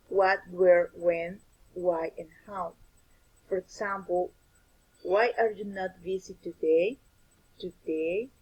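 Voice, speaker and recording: A woman giving a scripted lesson on pronunciation, explaining carefully and deliberately with examples. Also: mid-range voice, a little mellow, husky, rough recording.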